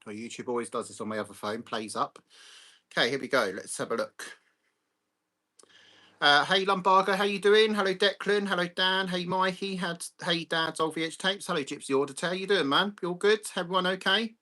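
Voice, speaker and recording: A man's voice: high voice, a little fast, bright, forceful tone. A man hosting a casual live stream from his phone, greeting viewers by name and chatting bluntly. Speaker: livestream host.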